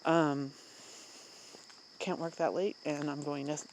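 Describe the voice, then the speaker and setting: An adult vlogger venting casually to the camera, rambling with many fillers, restarts and short laughs, getting louder and more emphatic when indignant. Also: medium pitch, little pitch movement, slow pace, a little hiss or hum. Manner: rambling and candid, many fillers and self-interruptions, frequent laughs. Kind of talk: casual personal vent to camera.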